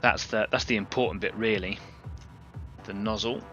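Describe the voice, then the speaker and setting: Bright-voiced man chatting on a live stream. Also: on the low side, fairly even intonation, normal speed, dull audio, soft background music. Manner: chatty, rambling, greets viewers from chat. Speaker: host of a live painting stream. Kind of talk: casual live-stream chat while working.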